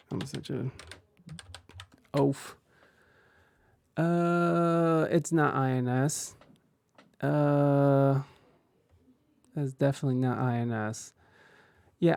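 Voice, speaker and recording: A man's voice: medium pitch, vocal fry, a little mellow, no room sound, studio quality. A man streaming live, chatting casually and telling rambling, profane stories while reacting to videos.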